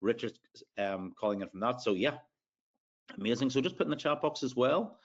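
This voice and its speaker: A man's voice: mid-range voice, animated, brisk, dull audio. A man with an Irish accent hosts a live sales webinar. He talks in a chatty way, with many fillers, and reads out audience names as he goes. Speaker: webinar host.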